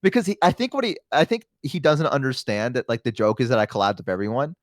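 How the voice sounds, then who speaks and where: A man's voice: mid-range voice, fast, no echo, clean studio sound. A man chatting casually on a stream, telling stories and acting out the people in them. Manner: animated storytelling, acts out quotes. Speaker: guest streamer.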